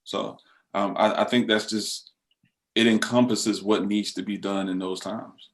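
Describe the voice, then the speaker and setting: Low-voiced man speaking haltingly. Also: steady tone. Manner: thoughtful, halting with many fillers. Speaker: panelist. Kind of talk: panel discussion.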